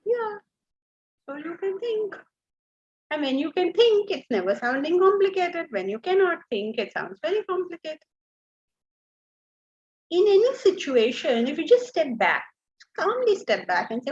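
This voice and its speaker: A high-pitched woman teaching a class, her voice leaping up and down as she throws rhetorical questions at her students. The recording is a little muffled and lo-fi. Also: big pitch swings, measured pace, long pauses, darkish tone. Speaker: Vedanta teacher. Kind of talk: class lecture on scripture.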